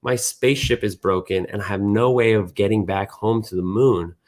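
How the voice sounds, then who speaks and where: A man voicing a small, stranded male meerkat in a comic, in a plain, low voice. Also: steady tone, normal speed, a little mellow, lightly acted. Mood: sad.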